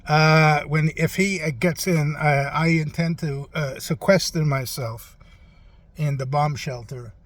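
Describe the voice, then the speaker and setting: A man playing a rambling, forgetful elderly president in a comic interview, halting and trailing off with lots of "uh". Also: a little high, fairly even intonation, natural voice.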